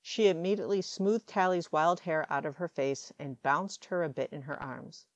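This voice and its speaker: A woman reading fan fiction aloud as an audiobook, calm and measured. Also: low voice, no echo, muffled recording. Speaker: audiobook reader.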